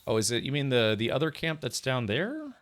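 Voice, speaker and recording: A man's voice: mid-range voice, huge pitch swings, fairly quick, a bit bright. A man streaming a game, chatting casually, thinking aloud and answering his chat. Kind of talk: casual gameplay commentary.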